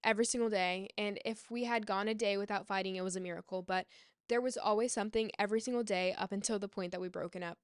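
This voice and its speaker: A woman vlogger candidly retelling a personal story in a halting, rambling way. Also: medium pitch, fairly even intonation, clear, resonant tone, dry recording, studio quality.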